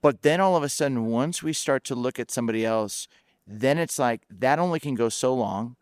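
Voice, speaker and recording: A man in his forties hosting a podcast, speaking in an animated, personal storytelling way in casual conversation. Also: medium pitch, a little fast, dry recording, clean studio sound. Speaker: podcast host.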